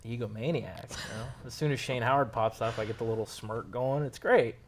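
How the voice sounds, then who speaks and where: A man answering interview questions about making a short film, relaxed and rambling with lots of fillers. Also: mid-range voice, a little fast, a little hiss or hum. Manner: relaxed storytelling with many fillers. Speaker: filmmaker interviewee.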